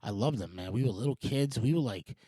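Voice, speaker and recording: A man's voice: mid-range voice, lively intonation, a little fast, warm tone, slightly rough, dry recording, clean studio sound. A man in his forties hosting a morning show, talking in a digressive, rambling monologue with frequent restarts and casual swearing. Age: 40s. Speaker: show host.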